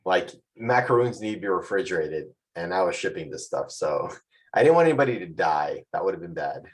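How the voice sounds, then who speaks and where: A man's voice: low voice, big pitch swings, brisk, low-quality recording. A man hosting a virtual tasting group over a video call, chatting casually with playful jokes and asides.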